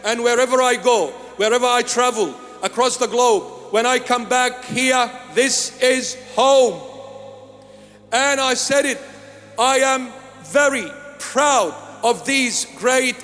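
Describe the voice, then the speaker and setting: A bishop from Iraq preaching a sermon, solemn and emphatic, delivering short measured lines and repeating key phrases. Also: male voice, extremely high pitch, a bit bright. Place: large church. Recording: long church reverb with faint music.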